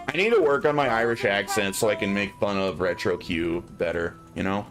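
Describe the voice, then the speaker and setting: A man's voice: fairly low pitch, a little fast, few pauses, a bit bright, faint music behind. A man streaming a video game, giving casual commentary and chatting aloud to his viewers. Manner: chatty, musing aloud to chat.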